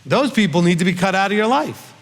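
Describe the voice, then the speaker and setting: A man's voice: high-pitched, animated, a little fast. Emphatic middle-aged man teaching in a reverberant hall. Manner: emphatic, with frequent "okay?" check-ins. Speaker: rabbi teacher.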